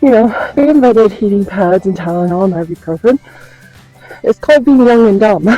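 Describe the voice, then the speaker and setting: Woman, outdoor vlogger, winded, chatty and self-mocking; mellow, dry close sound. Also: mid-range voice, expressive, moderate pace, no room sound, muffled recording, soft background music. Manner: chatty, self-deprecating, laughing. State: out of breath. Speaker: horse trainer vlogger. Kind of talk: casual outdoor vlog walkthrough. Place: outdoors at a horse paddock.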